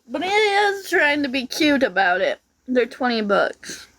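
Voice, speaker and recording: A woman's voice: high voice, sing-song, unhurried, few pauses, a bit bright. A woman ranting casually to camera in a rambling, aggrieved way, swearing freely. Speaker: vlogger.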